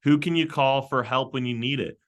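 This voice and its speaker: Man, team leader, rapid-fire questions, bright voice, casual meeting talk. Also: medium pitch. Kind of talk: brainstorming prompts at a team meeting.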